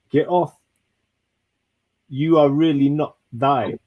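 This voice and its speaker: A man's voice: fairly high pitch, steady tone, slow pace, pauses often, a little mellow, rough recording. A man from London throwing crude, swear-heavy freestyle insults in a trash-talk battle.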